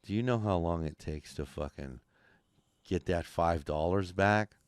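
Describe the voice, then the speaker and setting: A man hosting a podcast, telling a story in animated, profane, casual talk and acting out the voices of people in it. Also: low-pitched, a little slow, clear, resonant tone, no room sound, studio quality. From California. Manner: animated, swears constantly, acts out voices in his stories. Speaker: podcast host. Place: podcast studio.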